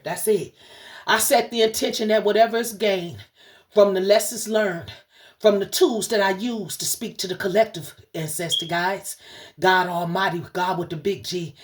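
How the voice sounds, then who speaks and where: A woman running a livestreamed spiritual message as channel host, speaking fervently and preacherly, cursing often and talking straight to her audience. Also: medium pitch. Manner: addresses the audience directly and repeatedly.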